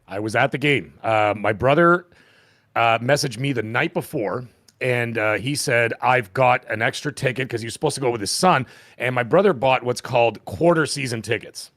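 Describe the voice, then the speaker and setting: A hoarse man in his fifties, still recovering his voice, rambles through a lively story on a podcast. His voice sits at a mid pitch and is heard close and dry, with no room around it. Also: moderate pace, dry recording. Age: 50s. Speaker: podcast co-host. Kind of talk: casual chat.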